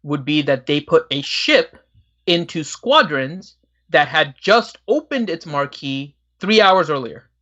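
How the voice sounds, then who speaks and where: Bright-voiced man arguing calmly. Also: a little high, slow pace. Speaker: livestream co-host. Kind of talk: casual chat. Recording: dull lo-fi audio.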